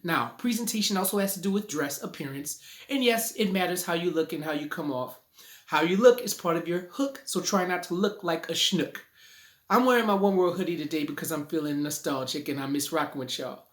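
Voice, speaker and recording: A man's voice: a little high, lively intonation, a little fast. A man giving a casual video lesson on public speaking from his living room, recorded on a phone in selfie mode, talking conversationally and playing with rhymes. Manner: playful, conversational, rhyming catchphrases.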